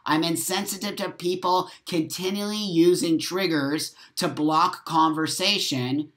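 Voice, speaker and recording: A man's voice: on the high side, fairly even intonation, measured pace, fairly bright tone. A man hosting a casual live stream, reading viewer comments and answering them in a heated, emphatic way. He swears freely and speaks straight to his viewers, wired on coffee after a poor night's sleep. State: over-caffeinated and short on sleep.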